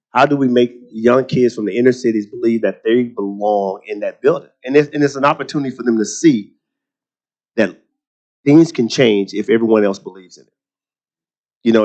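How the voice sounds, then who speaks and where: A man from Texas with a Southern accent, a guest on a luncheon panel, telling animated stories and often restarting his sentences. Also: medium pitch, normal speed, muffled recording. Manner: animated storytelling, repeats words when starting sentences. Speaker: guest speaker.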